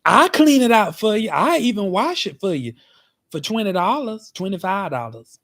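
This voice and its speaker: A man's voice: sits high, big pitch swings, normal speed, fairly bright tone, heavily acted. A man voicing his pushy young male friend, who haggles insistently over a price. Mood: haggling. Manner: insistent, cocky.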